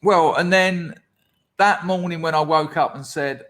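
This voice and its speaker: A man's voice: a little high, lively intonation, moderate pace, fairly bright tone. A man, a podcast guest telling his story candidly and bluntly, swearing often and acting out what others said. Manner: blunt, sweary storytelling, acts out quoted voices.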